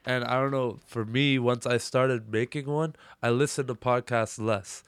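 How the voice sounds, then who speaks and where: A young man hosting a casual interview, speaking slowly and easily between laughs. His voice is mid-pitched and dry, close to the mic. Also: clean tone, no echo. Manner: relaxed, slow-talking, laughs often. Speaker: podcast host.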